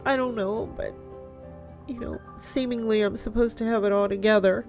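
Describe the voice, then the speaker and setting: A woman's voice: mid-range voice, fairly even intonation, moderate pace, gravelly, darkish tone, soft background music. Teary, stuffy-nosed middle-aged woman vlogging. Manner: rambling, lots of fillers. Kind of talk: casual heartfelt monologue. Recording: dull lo-fi dry sound.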